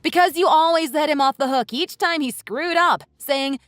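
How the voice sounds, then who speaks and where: A woman voicing a furious wife in a text-message story, who talks in a sharp, sarcastic, cutting way. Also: high voice, moderate pace, no echo. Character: furious wife confronting her in-laws.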